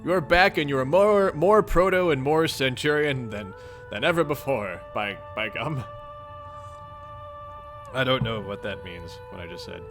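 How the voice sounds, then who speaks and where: This young man hosts a livestream, reading a webcomic and greeting viewers in a goofy, upbeat, playful way with a Midwestern American accent. He speaks unhurriedly in a mid-range voice with lively intonation, over music.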